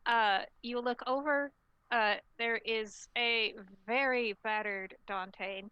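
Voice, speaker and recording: A woman running a tabletop game as storyteller, narrating haltingly with many fillers. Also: on the high side, steady tone, clean tone, no room sound, highs cut off.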